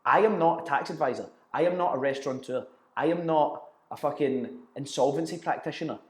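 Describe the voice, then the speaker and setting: Young Scottish man, quick and blunt, liberal with swearing; roomy echo. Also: on the high side. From Scotland. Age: young adult. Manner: blunt, swears freely, tells stories with quoted banter. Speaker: guest, entrepreneur. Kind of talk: casual interview chat.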